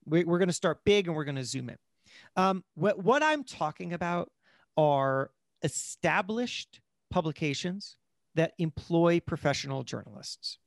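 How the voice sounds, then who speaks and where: A man with a fairly high voice talks through a podcast interview, animated and chatty, often restarting his sentences. The recording is close and dry, with no room sound. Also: creaky, dry recording. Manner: animated storyteller, fast asides, frequent restarts. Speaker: guest, magazine editor-in-chief. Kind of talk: casual interview talk.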